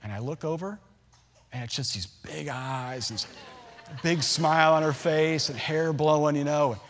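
A man in his forties preaching a sermon, telling a family story with lively acted-out voices. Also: fairly high pitch, normal speed, slight background noise. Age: 40s. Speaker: pastor. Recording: long hall reverb.

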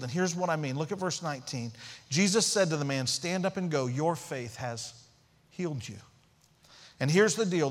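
A man preaching a sermon as pastor, emphatic, repeating key phrases and asking rhetorical questions. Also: a little high.

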